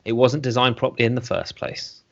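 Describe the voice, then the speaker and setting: A man, co-hosting a casual podcast chat and telling lively stories from his work in a vape shop. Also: medium pitch, fairly quick, gravelly. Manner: animated storyteller who acts out customers. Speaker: co-host and vape shop worker. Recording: dull lo-fi audio.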